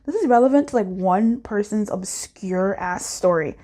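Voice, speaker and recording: A woman's voice: mid-range voice, lively intonation, moderate pace, mellow. A woman doing a casual pick-a-card tarot reading, playful and slangy, with frequent laughter.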